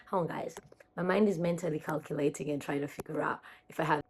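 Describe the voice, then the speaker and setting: A woman's voice: low voice, fairly even intonation, fast, husky. A young woman from Kenya chatting casually into her phone camera at home, rambling and correcting herself as she talks to her viewers. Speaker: vlogger.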